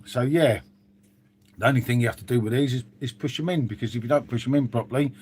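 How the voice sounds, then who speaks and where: A man's voice: medium pitch, fast, darkish tone, slightly rough. A man chatting casually on a live stream, reading out viewer comments with lots of "mate" and "um".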